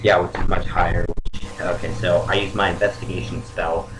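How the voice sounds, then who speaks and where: A man's voice: sits low, level tone, brisk. A man playing a tabletop role-playing game, talking casually and asking unsure questions. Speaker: player. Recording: noisy home recording.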